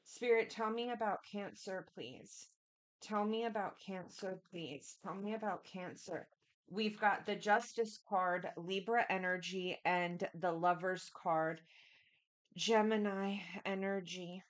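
Woman, tarot reader, mid-pitched voice, casual and repetitive, keeps addressing the viewer directly. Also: fairly even intonation, a little slow.

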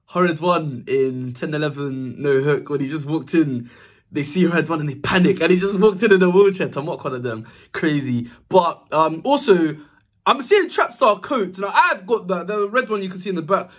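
A man's voice: fairly high pitch, normal speed. A young man, casually reacting to a rap music video in laid-back slang. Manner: laid-back slang, animated bursts of laughter. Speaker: reaction channel host. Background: rap track playing faintly.

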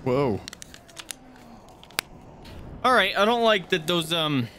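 A young man giving live commentary as he plays a game, reacting loudly and swearing often, yelping when startled. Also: on the high side, big pitch swings, slow pace, a little hiss or hum. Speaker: streamer playing a game.

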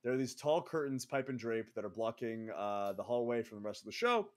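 A man's voice: medium pitch, expressive, a little fast. A man co-hosting a podcast, telling a profane, self-mocking story in a casual way. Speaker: co-host of a wrestling podcast.

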